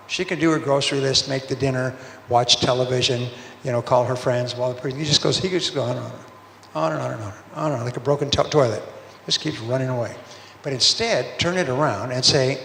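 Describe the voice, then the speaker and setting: A man's voice: medium pitch, a little fast, creaky, sharp tone, slight background noise. A man giving a motivational sales seminar talk, telling stories and acting out bits of dialogue in quoted voices. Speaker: sales speaker. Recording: roomy hall reverb, faint ambience.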